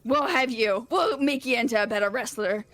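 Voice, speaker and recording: Woman doing a grumpy old grandma, bossy, high-pitched, a bit louder, tabletop game. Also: normal speed, no echo, natural voice. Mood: scolding. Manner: scolding, grumbling, calls him boy. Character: bossy scheming old grandma, wrestler's manager.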